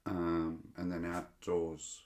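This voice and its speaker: A calm man from Ireland, a podcast guest. He speaks in a very deep voice with short, steady remarks. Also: slow, echoey room, soft background music. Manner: calm, brief replies and steady advice. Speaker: archery range owner, podcast guest. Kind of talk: casual chat.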